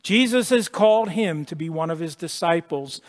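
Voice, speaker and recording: High-voiced preacher in an echoing hall. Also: male voice, expressive, moderate pace. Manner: emphatic, repeats words, drops to a hush at key points. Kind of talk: sermon. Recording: long echo of a large hall.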